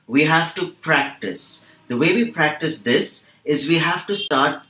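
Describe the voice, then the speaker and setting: A man working as a voice and accent trainer, explaining calmly and steadily in a podcast interview. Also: fairly high pitch, reverberant, rough recording. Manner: calm, measured explainer.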